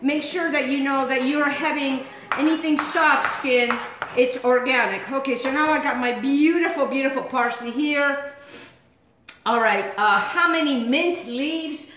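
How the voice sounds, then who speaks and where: A woman's voice: high voice, a little slow, a bit bright, roomy sound, slight background noise, rough recording. A woman hosting a home cooking show, talking in a chatty, rambling, enthusiastic way as she demonstrates a recipe. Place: home kitchen.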